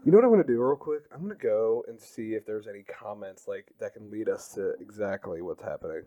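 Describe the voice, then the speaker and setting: Laughing man, lively pitch. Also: fast talker. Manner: laughing, joking, crude. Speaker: podcast co-host. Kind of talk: casual crude podcast banter.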